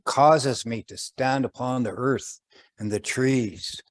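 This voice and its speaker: A man voicing a big, wise male eagle spirit who speaks in slow, solemn proclamations. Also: medium pitch, fairly even intonation, natural voice.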